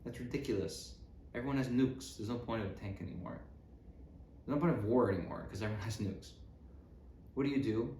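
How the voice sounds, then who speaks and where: A man rambles through a casual comedic monologue, sarcastic and full of self-interruptions. His voice sits in an ordinary middle pitch. The sound is roomy, with a faint noise floor. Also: a little mellow. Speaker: podcast host.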